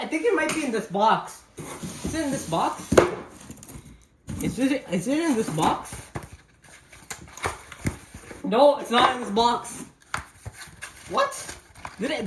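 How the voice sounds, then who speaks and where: A woman vlogging an unboxing at home, talking into a handheld camera in an excited, rambling, slangy way and laughing at herself. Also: a little high, noisy background. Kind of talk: casual unboxing vlog. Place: at home by a desk. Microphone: handheld camera mic.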